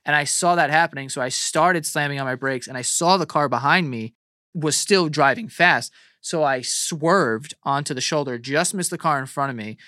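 Man, higher-pitched and animated, swears freely, telling stories on a podcast. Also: normal speed, no room sound, clean studio sound. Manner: animated storytelling, heavy swearing. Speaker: guest co-host. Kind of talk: casual podcast chat.

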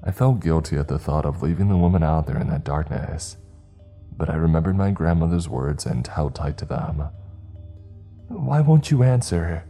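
Man, horror story narration, very deep voice, dark, faint music behind. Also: fairly quick.

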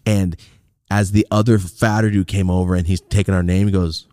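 This man, a podcast host in his thirties, spins a profane, lively anecdote, impersonating its characters with sharp leaps in pitch. His voice is clear and resonant and his delivery brisk, captured in clean studio sound without echo.

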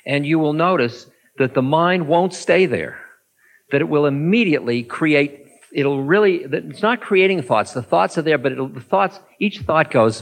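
A man's voice: on the high side, animated, moderate pace, low-quality recording. A man teaching meditation, answering an audience question in a talk and acting out inner thoughts in little voices.

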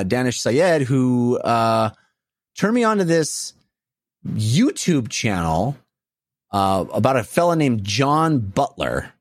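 A man's voice: medium pitch, no echo, clean studio sound. A man hosting a casual podcast, talking loosely with frequent "uh" fillers. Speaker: podcast host.

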